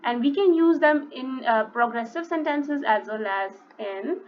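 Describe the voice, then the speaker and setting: A woman with a fairly high voice teaches English grammar in a video lesson, explaining patiently and leaning on the words she wants to stress. The sound is a little dull and lo-fi, with a faint hiss behind her. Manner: explains slowly, stresses key words, frequent "you know" fillers. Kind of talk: online grammar lecture.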